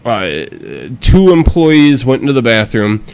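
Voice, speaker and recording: A man's voice: medium pitch, animated, measured pace, clear, resonant tone, rough recording. A man hosting a podcast, reading a news story aloud and riffing on it, swearing and laughing often. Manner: profane and joking, laughs often, reads with fillers. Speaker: podcast host.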